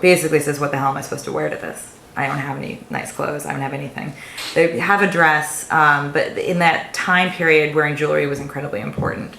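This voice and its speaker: A woman author chatting with an audience after a reading, retelling a story with lively asides. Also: low-pitched, creaky. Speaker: visiting author. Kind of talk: casual talk and Q&A at a reading. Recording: echoey room with faint hiss.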